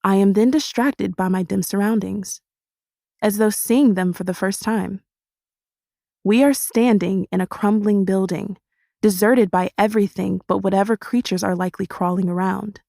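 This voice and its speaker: A woman narrates a first-person novel as an audiobook, telling it in a steady, expressive way. Her pitch is middling, and the recording is dry and close, without any room echo. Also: normal speed, gravelly.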